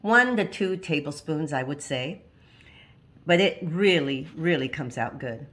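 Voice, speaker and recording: Chatty lady cooking in her home kitchen, lowish voice, laughs at herself a lot. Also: animated, unhurried, fairly bright tone. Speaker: home cooking channel host. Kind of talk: casual cooking demonstration.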